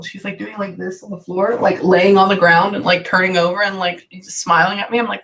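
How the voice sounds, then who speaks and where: Bright-voiced woman giving a rambling reading. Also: medium pitch, fairly even intonation, a little fast, hardly any pauses, a little hiss or hum. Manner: rambling, heavy use of "like". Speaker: psychic medium. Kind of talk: casual spirit reading.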